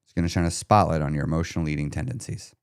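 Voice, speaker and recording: A man's voice: a bass voice, rapid-fire, clean tone. A man coaching viewers on a live stream, speaking emphatically, repeating key questions and checking in with his audience. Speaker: weight loss coach.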